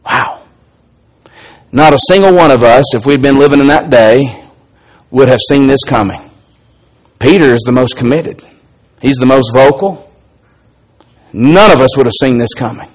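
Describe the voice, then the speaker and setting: A man preaching a sermon, reading scripture aloud and retelling its dialogue, moving between soft, low asides and raised, emphatic lines. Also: normal speed, low-quality recording. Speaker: pastor.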